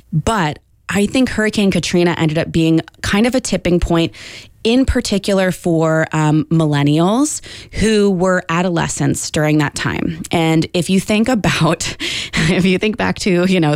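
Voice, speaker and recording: A woman linguistics professor giving measured, explanatory answers in a radio interview, with frequent ums. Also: lowish voice, dry recording, clean studio sound.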